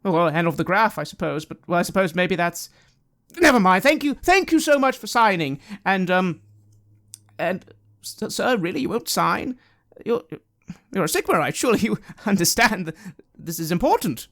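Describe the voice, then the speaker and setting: A game master voicing a nervous male priest who stammers and rushes his words. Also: expressive, a bit bright. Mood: earnest. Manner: stammering, hurried, high-pitched.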